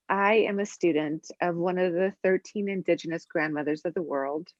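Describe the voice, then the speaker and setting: A woman, a functional medicine practitioner, explaining her work and telling stories in a lively way, acting out the voices of people she quotes. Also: on the low side, no echo. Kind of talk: conversational explanation and storytelling. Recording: dry, dull lo-fi sound.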